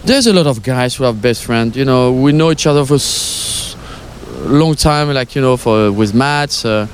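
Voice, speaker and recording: A man's voice: mid-range voice, normal speed, a little hiss or hum. An older man with a French accent, a former tennis pro, answering interview questions casually and playfully, with lots of fillers and hesitations.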